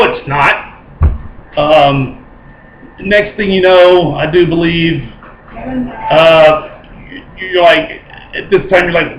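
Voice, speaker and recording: A man giving an excited, rambling casual video review, often correcting himself as he talks. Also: fairly high pitch, roomy sound, a little hiss or hum, low-quality recording. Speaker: vlogger reviewing wrestling.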